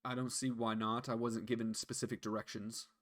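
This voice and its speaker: A man's voice: mid-range voice, little pitch movement, a little fast, fairly bright tone, close to an everyday voice. A man voicing a polite male tiefling guard sergeant in his mid-thirties in a tabletop game.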